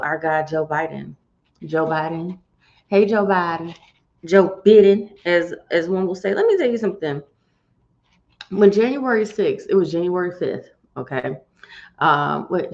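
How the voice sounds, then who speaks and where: A woman hosting a live-streamed morning show, chatty and folksy, talking straight to her viewers. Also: mid-range voice. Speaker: host. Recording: dull lo-fi stream audio.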